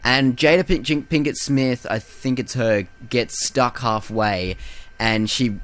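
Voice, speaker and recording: A young man co-hosting a casual film podcast at a middle pitch. He rants with lots of ums and profanity, and slips into mocking voices when he quotes scenes. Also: slow pace. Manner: animated, swears freely, lots of ums, mocking impressions. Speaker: podcast co-host. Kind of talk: casual film review chat.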